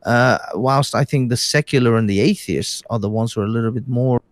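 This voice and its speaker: A man's voice: medium pitch, brisk, soft background music. A tired man talking in a casual late-night chat, rambling with many hesitant restarts. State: tired, yawning. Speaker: podcast guest.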